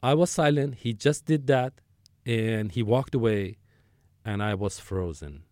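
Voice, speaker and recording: A man's voice: on the low side, a little slow, a little mellow, dry recording, studio quality. A man in his sixties telling a long work story as an interview guest, rambling, with restarts and acted-out dialogue. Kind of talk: conversational storytelling.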